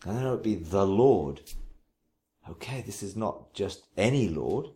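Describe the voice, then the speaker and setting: A man with a somewhat low voice speaks earnestly about his faith in an interview. He is unhurried and often restarts or repeats a phrase. When he quotes scripture he slows and weighs each word. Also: lively intonation, darkish tone. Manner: slow, emphatic recitation when quoting scripture. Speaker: preacher. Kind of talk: reflective interview testimony.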